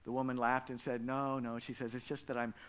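A man preaching a sermon as pastor, telling stories and dropping from loud emphasis to hushed whispers. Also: mid-range voice, level tone, brisk, smooth. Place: church.

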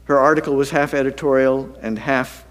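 A man, a pastor, telling a story in a sermon to his congregation, animated and self-deprecating, swinging from loud to hushed. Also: mid-range voice, fairly quick.

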